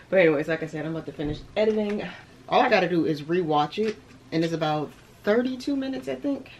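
A woman's voice: lowish voice, expressive, fairly quick, darkish tone, muffled recording, slight background noise. A young woman chatting casually to her viewers in a vlog, laughing often and talking to them as y'all; she is tired. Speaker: vlogger.

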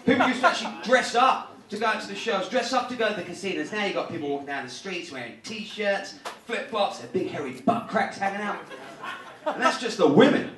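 A man's voice: high-pitched, lively intonation, fairly quick, fairly bright tone. An English man doing a live stand-up comedy set, brash and mocking, bantering with the crowd. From England. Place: comedy show room. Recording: echoey room from far off, crowd laughter.

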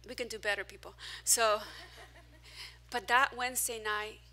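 A woman pastor preaching to a small evening congregation with a high, bright voice. She talks in an animated, self-mocking way, jumping from loud outbursts to hushed asides. Her sound is sharp and forward. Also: normal speed. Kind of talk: sermon. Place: church hall, preaching to a small crowd.

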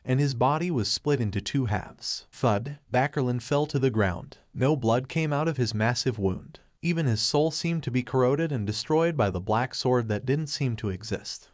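A man narrating a fantasy novel audiobook in a steady, even storytelling manner. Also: mid-range voice, dry recording, studio quality.

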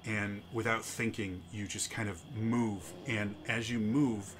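A man narrating as game master of a tabletop game, with halting, stuttering restarts. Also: fairly low pitch, fairly even intonation, noisy background.

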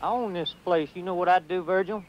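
An actor playing a wry, drawling country landowner in a film. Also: male voice, sits high, brisk, dull audio, a little hiss or hum, close to an everyday voice. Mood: scheming.

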